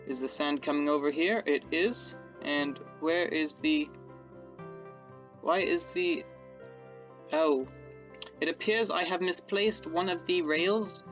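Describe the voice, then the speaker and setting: A man with a bright, slightly high voice rambles through his gameplay, stopping to correct himself as he goes. The audio is dull and lo-fi, with faint music under it. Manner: rambling, self-correcting, talks to himself while building. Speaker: Minecraft let's-play creator. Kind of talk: casual gameplay commentary.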